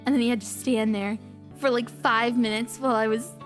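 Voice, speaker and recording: A young woman, telling stories in an animated, giggly way on a casual chat stream and acting out the people in them. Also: fairly high pitch, a little fast, faint music behind. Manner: animated storyteller, acts out voices and beeps; giggly, repeats lines for effect.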